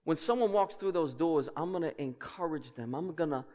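A man preaching a sermon as pastor, emphatic, dropping to a hush and then rising loud, with rhetorical questions to the congregation. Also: a little high, moderate pace. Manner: emphatic, swings between hushed and loud. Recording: reverberant church hall.

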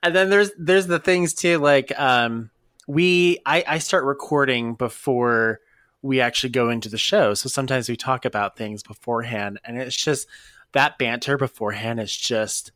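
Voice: medium pitch, normal speed, a bit bright, dry recording, studio quality. A podcast co-host chatting casually, rambling with lots of fillers and giggles.

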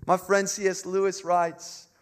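A man preaching an Easter sermon, earnest and impassioned, with emphatic repetition and swings between hushed phrases and loud climaxes. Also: high-pitched, flat delivery, a little slow, smooth.

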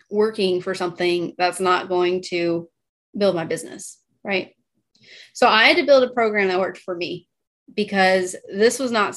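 A woman in her thirties from Texas presents slides in a chatty, personal way, checking in with her listeners again and again. Her voice sits at a middle pitch for a woman. She speaks as an animal chiropractor coaching others and at times turns emotional. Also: fairly bright tone. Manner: chatty, keeps asking "right?", emotional in places.

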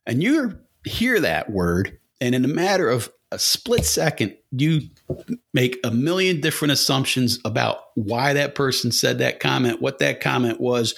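A man's voice: medium pitch, animated, measured pace, creaky, fairly bright tone, slightly rough. A man hosting a casual solo podcast, rambling bluntly with casual swearing and rhetorical questions. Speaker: podcast host.

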